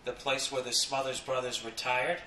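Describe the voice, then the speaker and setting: A man hosting a podcast, telling a profane comic story with sudden loud outbursts. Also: medium pitch, normal speed, reverberant, distant mic, a little hiss or hum, rough recording. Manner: profane, animated, jumps into loud acted quotes. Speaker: podcast host. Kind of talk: comedic storytelling monologue.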